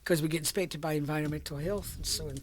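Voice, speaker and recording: An older Scottish woman with a low voice and fairly even intonation talks fast as an interviewee, reminiscing about her working life. Chatty and full of stories, she laughs often in this oral history.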